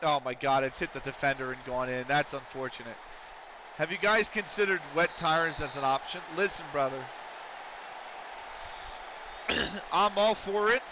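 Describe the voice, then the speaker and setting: A man's voice: a little high, normal speed, long pauses, dull audio, noisy background. A man livestreaming a game, chatting casually with viewers, swearing freely and breaking into play-by-play calls. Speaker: streamer.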